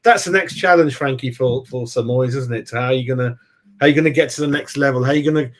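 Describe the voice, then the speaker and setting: A man's voice: medium pitch, fast. A man, co-hosting a live fan stream, greeting viewers by name and firing off rhetorical questions. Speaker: fan channel co-host. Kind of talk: casual live-stream chat.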